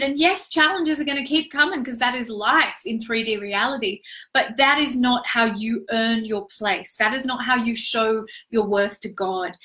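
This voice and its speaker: Woman, intuitive reader; higher voice, bright and forceful; emphatic, flowing, affirming delivery. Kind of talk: live spiritual reading session.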